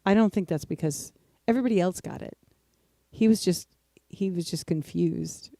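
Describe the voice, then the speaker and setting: A woman, a little low and mellow, chats and tells jokes straight to her viewers. The sound is close and dry. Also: moderate pace, gravelly, no room sound. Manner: chatty, joking, addresses viewers directly. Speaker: host of a live music stream. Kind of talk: casual chat between songs.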